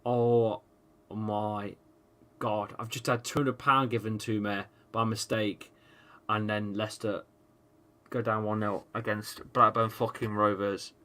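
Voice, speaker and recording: A man's voice: lowish voice, unhurried. A man hosting a live football watchalong stream, ranting at the match, swearing and reading out viewers' chat. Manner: excitable, swears freely, rants at the match; reads out viewers' chat messages.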